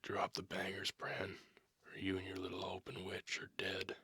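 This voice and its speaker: A man voicing a gruff, brutal male villain in a low, menacing whisper as whispered role-play. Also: monotone, moderate pace, pushed and bright, no echo, heavily acted. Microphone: binaural microphone.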